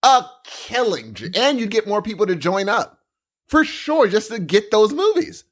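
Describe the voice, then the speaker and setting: A man co-hosting a podcast in casual chat, excitable and emphatic, laughing often. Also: high voice, moderate pace. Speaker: podcast co-host.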